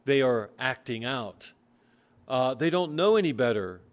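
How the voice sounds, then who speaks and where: A man preaching a sermon, earnestly explaining scripture and reading verses slowly. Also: medium pitch, expressive. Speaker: pastor.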